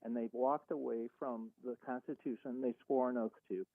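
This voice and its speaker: A man's voice: medium pitch, steady tone, moderate pace, no echo. A man calling in to a talk radio show, arguing his point earnestly and acting out conversations he had. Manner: earnest, argumentative, retells conversations. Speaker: caller. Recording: tinny phone line.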